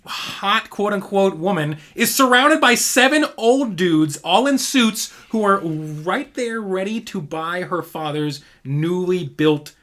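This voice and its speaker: A man's voice: sits high, animated, slow pace, hardly any pauses, fairly bright tone. A man from Georgia co-hosting a casual podcast, animatedly retelling a movie plot with jokes. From Georgia, USA. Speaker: podcast co-host. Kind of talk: casual chat.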